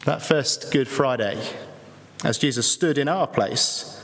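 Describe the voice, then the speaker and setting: A man preaching an earnest sermon in church, pausing between phrases and using rhetorical tag questions. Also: medium pitch, a bit bright. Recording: echoey hall reverb.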